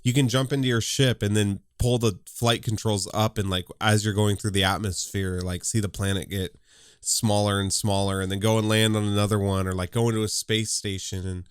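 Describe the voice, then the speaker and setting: A man hosting a podcast, talking in a relaxed, enthusiastic way in casual conversation. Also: on the low side, brisk, clean tone, dry recording, clean studio sound. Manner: relaxed, enthusiastic, says dude. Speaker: podcast host.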